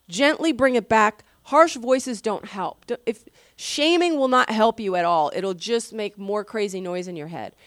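A woman pastor giving a sermon in an earnest, conversational way, often dropping to a soft, quiet voice. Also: medium pitch, no echo, clean studio sound.

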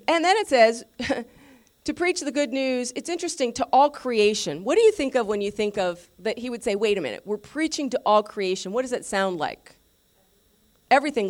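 Lively woman pastor, higher voice. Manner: lively, conversational, asks the audience questions; restarts and self-corrections. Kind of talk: sermon teaching.

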